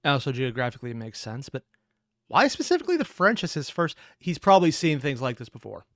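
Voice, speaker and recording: A man's voice: mid-range voice, big pitch swings, quick pace, no echo, clean studio sound. A man in his thirties hosting a reaction video, chatting casually with self-mocking asides. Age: 30s. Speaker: reaction channel host.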